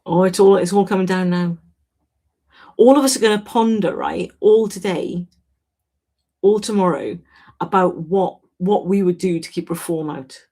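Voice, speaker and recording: A woman's voice: on the low side, moderate pace, warm tone. A woman hosting a casual livestream, reading out viewers' names and chatting frankly, often breaking off and restarting her sentences. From Wales. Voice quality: chatty, self-interrupting, frank. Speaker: livestream host. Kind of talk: casual live chat reading viewer comments.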